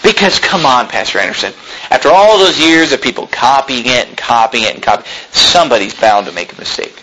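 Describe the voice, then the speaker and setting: A man's voice: mid-range voice, expressive, a little fast, sharp tone, a little hiss or hum, poor audio. A man preaching a sermon as pastor, building to emphatic rising peaks and voicing his listeners' objections.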